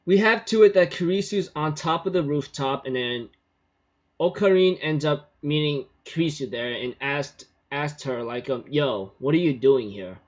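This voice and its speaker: A man recapping an anime episode in a loose, rambling way. His voice sits a little high for a man, he laughs often, and he leans on "you know". The recording sounds dull and lo-fi. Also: normal speed. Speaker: anime reviewer. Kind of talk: casual spoken recap. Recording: muffled lo-fi recording.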